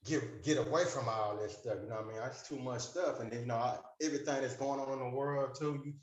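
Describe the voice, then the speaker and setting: A man's voice: mid-range voice, fast talker, roomy sound, slight background noise. A man telling a long personal story in a support group, rambling, with lots of fillers, and acting out the conversations he recalls. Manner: rambling, filler-heavy, acts out the dialogue he retells. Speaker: group member sharing his story.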